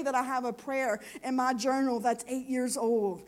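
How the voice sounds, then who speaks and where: A woman preaching a sermon, moving between quiet teaching and loud, impassioned exhortation. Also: high voice, steady tone, normal speed, few pauses.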